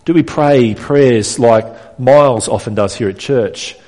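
A male pastor delivers an earnest sermon, addressing his congregation directly and often asking them rhetorical questions. His voice carries a long reverb from the church hall around him, at an ordinary middle pitch. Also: slow, warm tone.

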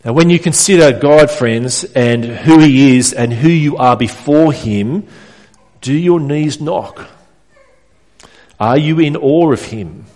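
A man's voice: on the high side, takes it slowly, a little mellow. Earnest male pastor preaching in a church hall. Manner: earnest, asks the congregation rhetorical questions. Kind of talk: sermon.

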